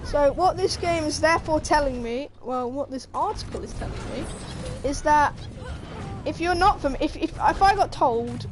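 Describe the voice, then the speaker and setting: High-voiced sweary woman streamer. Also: normal speed, over music. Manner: animated, sweary, laughs while reading aloud. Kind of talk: casual commentary while gaming.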